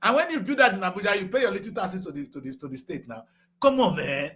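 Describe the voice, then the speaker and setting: A middle-aged man with a Nigerian accent giving passionate political commentary, repeating himself and rising to shouts. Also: high-pitched, expressive, fast. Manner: fiery, repetitive, rising to shouts. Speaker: current affairs show host.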